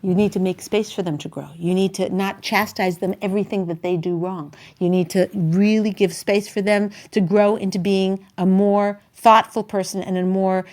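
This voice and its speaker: Chatty animated woman giving relationship advice. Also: mid-range voice, normal speed, hardly any pauses. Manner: chatty, animated storyteller who acts out quotes loudly. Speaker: talk show host and relationship coach. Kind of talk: casual advice talk.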